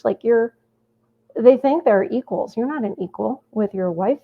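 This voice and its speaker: Highish-voiced woman rambling on a tinny line, casual commentary, keeps restarting. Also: lively intonation, normal speed. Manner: rambling, with many restarts and fillers. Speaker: host reacting to a video. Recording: tinny phone-like audio.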